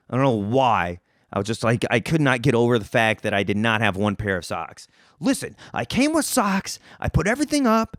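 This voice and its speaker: A young man spins a comic tale as a podcast host, his pitch bouncing high and low as he goes. He rambles, restarts and swears freely. The sound is dry and close. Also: sing-song, a little fast, dry recording. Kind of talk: casual comedic storytelling.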